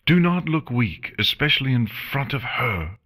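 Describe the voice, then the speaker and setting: A man's voice: mid-range voice, sing-song, unhurried, bright, forceful tone, voice pushed up, full character voice. A man voicing a proud but distraught female changeling queen in an audiobook, with tearful, self-reproaching outbursts. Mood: frantic. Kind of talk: audiobook character voice.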